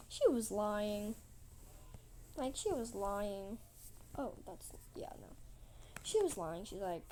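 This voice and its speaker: A woman's voice: mid-range voice, big pitch swings, slow, long pauses, a little mellow, slight background noise. A woman telling a rambling story casually while drawing, repeating herself and acting out quotes with lots of "like". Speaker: channel host.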